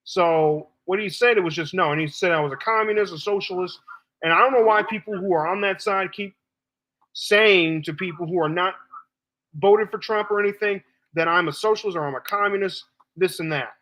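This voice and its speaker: A man's voice: sits high, fairly quick, fairly bright tone, poor audio. A man hosting a live stream debate, talking bluntly and assertively to callers, casually calling them baby.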